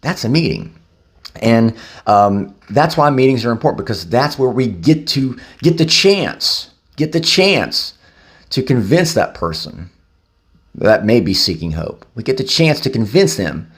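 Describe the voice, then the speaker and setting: A man's voice: mid-range voice, big pitch swings, measured pace. A man speaking casually to camera, telling a recovery story loosely, with many fillers. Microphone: handheld camera.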